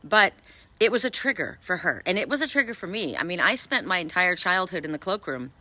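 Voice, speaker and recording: A chatty woman reads oracle cards outdoors, her voice sitting a little low for a woman yet bright and forceful. She talks in a quick, bubbly, effervescent way, telling stories casually to camera. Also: expressive, dry recording. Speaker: oracle card reader. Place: outdoors, sitting in wet grass.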